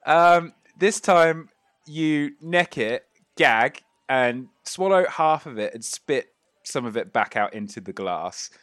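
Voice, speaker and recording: A man's voice: on the high side, expressive, slow pace, fairly bright tone, no room sound, clean studio sound. A man narrating as game master of a tabletop game, rambling with many fillers.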